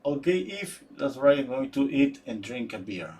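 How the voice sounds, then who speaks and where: A man giving a live painting demonstration, thinking aloud in a halting way with frequent restarts. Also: medium pitch, big pitch swings, darkish tone, breathy edge. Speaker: painting instructor.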